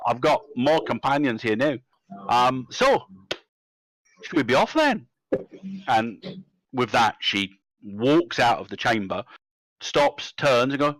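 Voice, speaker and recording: A man's voice: medium pitch, slow pace, long pauses, no room sound. Guy gm running a tabletop game on a stream, chatty, voice jumps all over, dry close mic. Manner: chatty, animated. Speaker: game master. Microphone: close mic, live stream.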